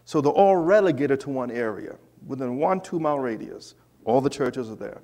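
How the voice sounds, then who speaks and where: A man preaching in a church, telling a lively personal story with asides to the congregation. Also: mid-range voice, normal speed. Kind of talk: storytelling sermon.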